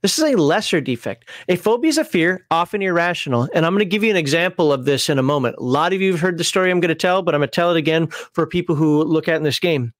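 A middle-aged man with a slightly high voice tells a lively personal story to explain a game rule. He laughs at himself as he talks and keeps restarting his sentences. The recording is dry and close, with no room sound. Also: fast, hardly any pauses, no echo. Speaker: host explaining game rules.

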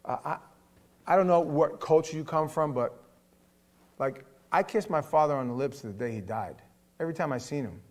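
A man pastor preaching a sermon in a chatty, animated way, swinging from soft asides to loud emphasis. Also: a little high, normal speed. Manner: conversational, with filler words.

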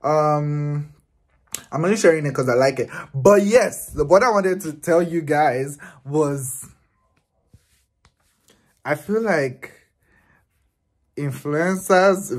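A man, a vlogger telling a story in an animated, exasperated, profane casual rant. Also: sits high.

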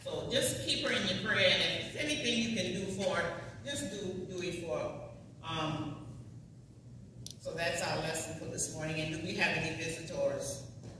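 Teaching a church Sunday school class, a woman talks in an emphatic, homespun, chatty manner, her voice on the low side at a moderate pace. The echoey church hall is recorded from afar amid background noise.

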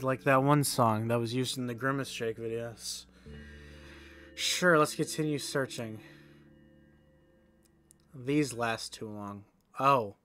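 A man's voice: mid-range voice, sharp tone. A man streaming a game, reading its text aloud and breaking in with sarcastic, swearing asides.

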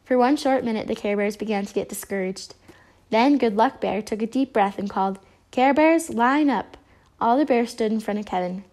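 A woman reading a children's storybook aloud, expressive narration. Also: mid-range voice, a little fast. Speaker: storybook reader.

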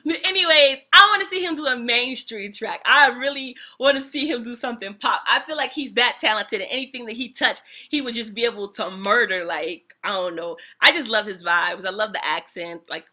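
Brief: young woman reacting to a track from home, high and piercingly bright, excitable and slangy. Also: a little fast, hardly any pauses. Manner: lively, animated, laughs often, slangy. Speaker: music reaction vlogger. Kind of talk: casual reaction commentary. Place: home room.

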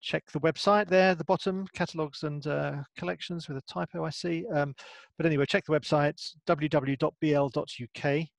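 A man's voice: a little high, fairly even intonation, a little fast, gravelly, no room sound. A man, a family history expert giving a hesitant presentation with many ums and restarts. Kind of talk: online presentation.

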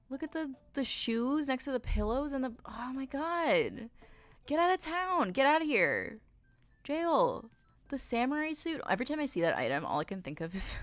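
A woman's voice: on the high side, no echo. Gushing, playful woman streamer. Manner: gushing, playful, dramatic reactions. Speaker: game streamer. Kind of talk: live-stream commentary.

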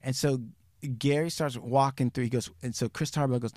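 A man's voice: mid-range voice, no echo, studio quality. A man hosting a podcast, telling a true crime story in casual chat, acting out the people he quotes and swearing freely. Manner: animated, acts out quotes, swears, speeds up and slows down. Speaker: podcast host.

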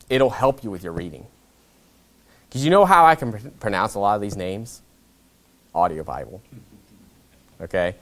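Lively preacher, conversational. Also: male voice, moderate pace, long pauses. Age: young adult to middle-aged. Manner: conversational preaching, wide swings in pitch and loudness, frequent "okay?". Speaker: pastor. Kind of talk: sermon.

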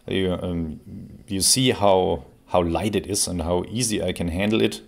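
A man, creaky after a cold, explaining an airgun in a relaxed, casual review with plenty of fillers. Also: low-pitched, normal speed. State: recovering from a cold. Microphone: camera mic while seated.

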